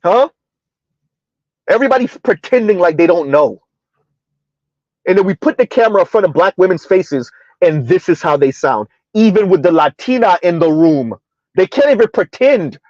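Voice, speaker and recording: A high-pitched man hosts a commentary, firing off mocking rhetorical questions and stretching words for emphasis. The sound is dry and a little muffled. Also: expressive, normal speed, a little mellow, dry recording. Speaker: commentary video host. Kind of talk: reaction commentary.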